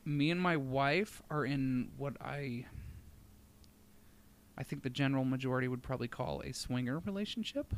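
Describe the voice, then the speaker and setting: A man's voice: mid-range voice, normal speed. Male podcast guest: blunt, teasing, casual, trips over his words. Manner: blunt, joking, swears casually, frequent restarts. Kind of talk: casual chat.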